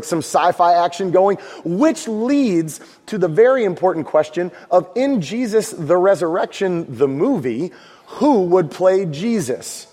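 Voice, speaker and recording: Man, pastor, sermon, conversational, joking asides, higher voice, long hall reverb. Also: darkish tone. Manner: conversational preaching with jokes and audience prompts.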